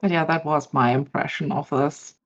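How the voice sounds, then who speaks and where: A woman on a fan panel, speaking thoughtfully and hesitantly with many pauses and fillers. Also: low voice, fairly even intonation. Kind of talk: casual panel discussion. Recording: dull lo-fi stream audio.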